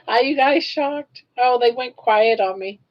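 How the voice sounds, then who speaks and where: A woman's voice: fairly high pitch, highs cut off. An older woman hosting her own live stream, chatting casually and reacting aloud to viewer comments. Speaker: livestream host.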